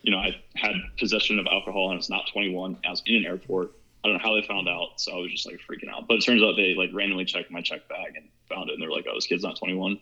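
A young man from Ohio rattles off a story at high speed, his lowish voice edged and sharp. He rambles casually, stuffing every sentence with "like" and "you know". The recording sounds dull and lo-fi. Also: fairly even intonation, quick pace. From Ohio, USA. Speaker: podcast guest. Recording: muffled lo-fi recording.

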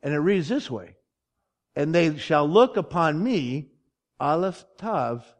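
A man's voice: fairly high pitch, expressive, slow. A man preaching a sermon from slides in a church, often checking whether his listeners follow him. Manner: teaching from slides, asks the congregation questions. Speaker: pastor. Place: church sanctuary.

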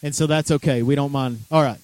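A pastor preaching a sermon with energy, joking asides and direct questions to the congregation. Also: male voice, medium pitch, fairly even intonation, a little fast, darkish tone, no echo.

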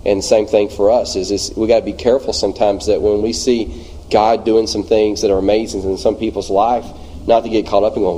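A man with a Louisiana Southern US accent leading an informal church Bible study, talking in a halting way with many fillers and restarts. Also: fairly low pitch, steady tone, dark tone, a little hiss or hum, rough recording.

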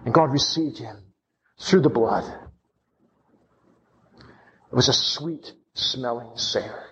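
Slow, impassioned male preacher in a reverberant hall. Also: medium pitch, fairly bright tone. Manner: impassioned, rising to fervent cries. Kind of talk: sermon.

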